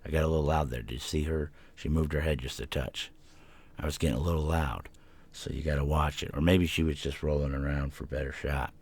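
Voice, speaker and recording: A man's voice: rumbling low, fairly even intonation, brisk, darkish tone, slightly rough. A man hosting his own podcast at home, talking casually and thinking aloud, sometimes chatting to his cat. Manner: rambling, self-reflective, talks to his cat. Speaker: podcast host. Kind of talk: casual solo podcast talk. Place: home room. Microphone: desk microphone.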